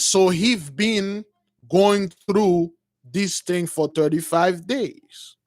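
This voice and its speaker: A man retelling a sacred tale in a casual, repetitive, halting way, full of slang and restarts. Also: high-pitched, dry recording, studio quality. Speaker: religious storyteller.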